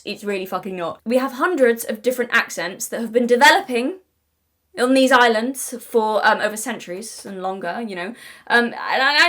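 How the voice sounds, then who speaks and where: Her voice is a little high and a bit bright as this young woman from Britain talks casually to camera as a video essayist. She wanders off on tangents, keeps apologizing, and now and then turns emphatic and exasperated.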